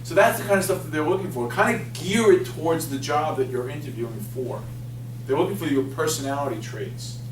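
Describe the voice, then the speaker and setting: A man's voice: a little high, brisk. Chatty male workshop presenter, echoey room. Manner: lively, chatty, asks the audience questions. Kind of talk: interactive workshop talk. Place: library meeting room. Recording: echoey room, distant mic, faint noise.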